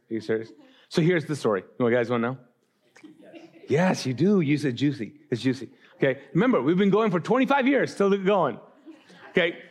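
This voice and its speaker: A male pastor in his forties giving a casual, conversational sermon, telling stories with lots of fillers and restarts. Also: on the high side.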